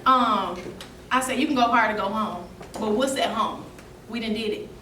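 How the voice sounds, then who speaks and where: A woman's voice: on the high side, moderate pace, bright, forceful tone, a little hiss or hum. A young woman, telling her story as a seminar speaker, emotional and laughing as she goes. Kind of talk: motivational storytelling. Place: seminar room. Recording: echoey room, mic from a distance.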